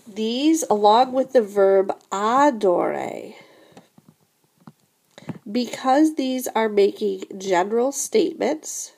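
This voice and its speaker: A slow, patient woman teaching a French lesson, walking through verb endings step by step. Her voice is mellow and a little gravelly, with an unhurried, steady delivery. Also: medium pitch. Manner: slow, patient explaining with frequent "so again" and "remember". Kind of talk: recorded classroom lesson.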